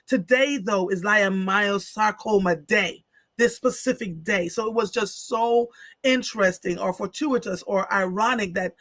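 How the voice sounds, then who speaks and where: A man's voice: high voice, pushed and bright, no room sound. A man hosting a live stream, reading out viewer comments and responding in an earnest, emphatic way, often repeating phrases for stress. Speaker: live show host.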